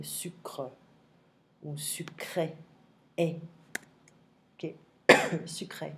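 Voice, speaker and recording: Low-pitched woman, patient teacher, repeats phrases, home computer mic, faint typing behind. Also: creaky, warm tone, slight background noise. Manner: patient, repeats phrases slowly, frequent "okay?". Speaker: French teacher. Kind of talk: casual online lesson. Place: home, next to her kitchen. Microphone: computer microphone.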